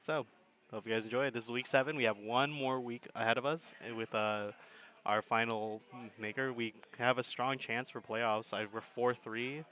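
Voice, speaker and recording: A man's voice: medium pitch, fairly even intonation, moderate pace, pushed and bright. A man giving laid-back, chuckling commentary on a game battle, thinking his plays through aloud. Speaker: gaming commentator.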